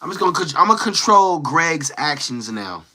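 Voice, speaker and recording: A man's voice: a little high, sing-song, moderate pace, pushed and bright. A young man streaming live, casually chatting with his viewers and playfully teasing trolls in the chat. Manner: teasing, playful trash talk.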